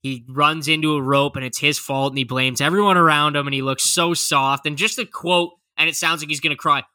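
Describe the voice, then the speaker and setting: A man's voice: on the high side, fairly even intonation, fairly quick, sharp tone. A man co-hosting a casual podcast, talking animatedly, swearing and laughing as he mocks others. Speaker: podcast co-host. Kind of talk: casual chat.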